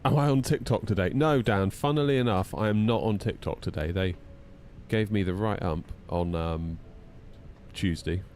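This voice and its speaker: Guy live-streaming, low-ish voice, chatty, gets squeaky when worked up. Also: moderate pace, slight background noise. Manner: chatty, jumps to high excited pitch when indignant. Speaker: flight sim streamer. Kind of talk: casual live-stream chat.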